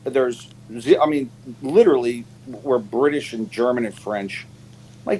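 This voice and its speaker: Man, casual panelist, lively swinging pitch, rambling storyteller, faint background hiss. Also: normal speed, poor audio. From United States. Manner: animated storyteller, many fillers, pitch jumps when quoting. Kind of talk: casual live panel chat.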